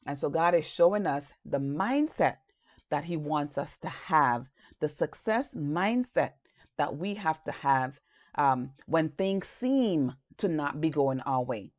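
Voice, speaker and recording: A woman with a low, dark-toned voice preaches an earnest, encouraging sermon. She talks conversationally, full of "um" and "you know". The recording sounds somewhat dull and lo-fi. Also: lively intonation, slow, dry recording. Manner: encouraging, earnest, loose with fillers.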